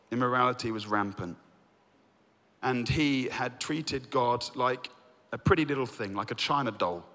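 A man teaching through a Bible book, reading verses aloud and telling it with lively storytelling. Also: medium pitch. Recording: long reverb.

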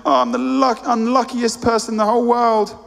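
A man voicing a frightened runaway young boy, his voice high and panicky, almost screaming. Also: little pitch movement, fairly quick, creaky, fairly bright tone, exaggerated voice. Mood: terrified. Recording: long hall reverb.

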